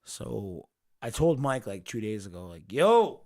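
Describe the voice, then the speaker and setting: A man hosting a casual late-night podcast, swearing a lot and swinging from low mumbles into shouted rants. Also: animated, unhurried, creaky. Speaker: podcast host.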